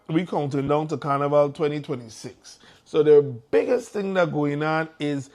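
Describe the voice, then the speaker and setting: A man hosting a morning show in an energetic, hyped-up manner. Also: fairly high pitch, normal speed. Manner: energetic, hyping up listeners. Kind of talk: upbeat morning show chat.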